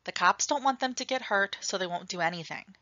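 A woman voicing Frosty, a calm teen gunman. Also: mid-range voice, brisk, dry recording, muffled recording. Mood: calm, firm. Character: older teenage boy gunman, calm and commanding.

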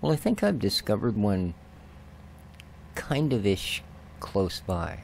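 A middle-aged Canadian man with a Canadian accent, unhurried and chatty as he plays a farming game, joking at his own expense. His gravelly voice sits a bit low and keeps a slow pace. A faint hiss of noise runs under his desk mic. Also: big pitch swings. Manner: slow, chatty and self-joking, drifting to soft mutters. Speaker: gaming video host. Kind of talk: casual let's-play commentary.

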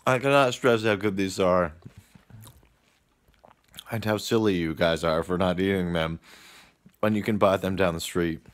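A woman's voice: very deep voice, measured pace, pauses often. A woman vlogging on her phone at home, gushing and laughing as she eats from a snack bag. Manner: gushing, exclaiming and laughing between bites. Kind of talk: casual taste-test vlog. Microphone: phone camera. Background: crinkling snack bag.

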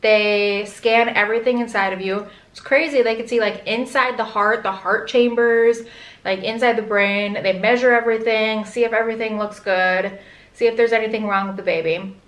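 Young pregnant woman, chatty and rambling, fairly high voice, echoey room. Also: steady tone, normal speed, a bit bright. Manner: chatty, lots of "like", candid and rambling. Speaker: vlogger. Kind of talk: casual pregnancy vlog.

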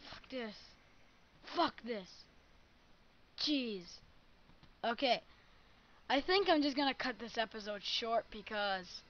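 A woman's voice: a little high, big pitch swings, slow pace, long pauses, a bit bright, muffled recording. A woman recording live gameplay commentary at her computer, muttering frustrated complaints. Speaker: gamer recording a let's play.

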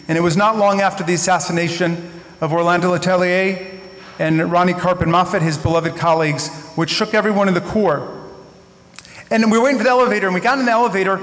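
Man, 50s, eulogist with earnest, wryly humorous storytelling, high voice, podium mic in a big reverberant hall. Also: fairly bright tone. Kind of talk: memorial tribute speech. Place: large synagogue hall. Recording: echoey hall with long reverb.

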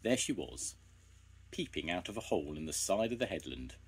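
An older man reading a children's story aloud, gentle and expressive. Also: low voice, moderate pace, husky.

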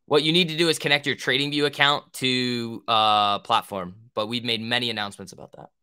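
A man's voice: mid-range voice, fairly even intonation, brisk, pushed and bright, clean tone. A young man hosting a trading livestream, answering viewer questions in a rambling, profane, joking way. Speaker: stock trading livestream host.

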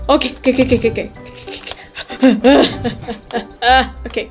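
High-pitched, excitable woman gamer. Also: unhurried, soft background music. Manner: excitable, squealing and laughing often. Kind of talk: gameplay commentary.

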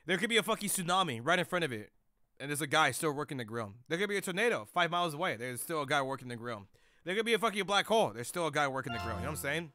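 A man's voice: fairly high pitch, very animated, rapid-fire, sharp tone, dry recording. A young man streaming live, chatting loosely with chat in rambling, profane slang.

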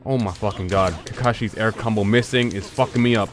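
A man giving casual, profane commentary over his own fighting game match, muttering and breaking into sudden shouts. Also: on the low side, steady tone, brisk, music in the background. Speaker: gameplay commentator. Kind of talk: casual live gameplay commentary.

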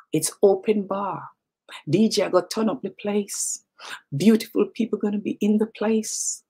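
A woman's voice: mid-range voice, darkish tone, husky. A middle-aged woman with a Jamaican accent hosting a talk show, chatting and teasing in a casual monologue that mixes in patois and repeats words.

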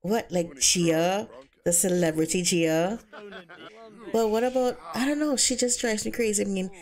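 A woman's voice: mid-range voice, measured pace, a little mellow, natural voice. A woman voicing a lovesick, fretful young man. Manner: fretful, hesitant. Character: lovesick, confused young male contestant. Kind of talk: voiced game role-play.

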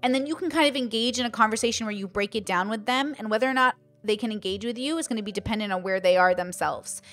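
Faint music plays behind a woman content creator who talks quickly in a fairly high pitch. Musing aloud in casual livestream chat, she fills her speech with fillers and animatedly acts out the voices she quotes.

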